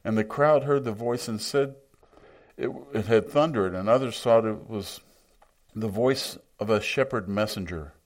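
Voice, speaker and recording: Male preacher, low voice, unhurried, musing sermon with scripture reading. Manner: reflective, musing, reads scripture aloud.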